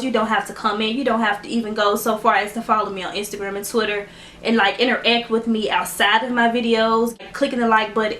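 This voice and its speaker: A woman's voice: fairly high pitch, fairly bright tone, reverberant, slight background noise. A woman YouTuber, chatting emotionally and gratefully to camera in a casual vlog at home. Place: room at home lit by ring light.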